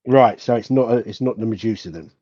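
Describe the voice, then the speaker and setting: A man with a mellow, warm voice plays a tabletop game over online chat and keeps his questions and moves short and direct. His sound comes through dull and lo-fi, and the room is dry. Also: fairly low pitch, fast talker, no echo. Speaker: player.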